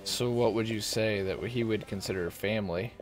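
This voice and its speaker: A man's voice: on the low side, moderate pace. A man chatting casually and bluntly on a gaming stream, swearing freely, with game music playing behind him. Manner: blunt, profane, animated. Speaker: stream co-host. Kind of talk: casual chat while gaming.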